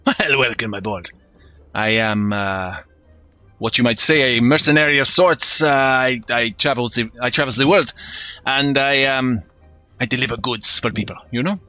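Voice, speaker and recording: A man doing a flamboyant swashbuckling mercenary with a thick French accent, boastful and jovial between his fumbling pauses. The voice is bright and forward. It sits close in a dry, dead room. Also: medium pitch, no echo, soft background music, close to an everyday voice. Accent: put-on French. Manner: boastful, flamboyant, hesitant with fillers.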